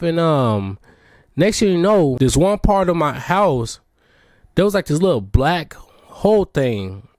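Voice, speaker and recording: A man's voice: on the high side, very animated, moderate pace, no echo, studio quality. A young man telling a true personal story in casual slang, rambling along with lots of fillers.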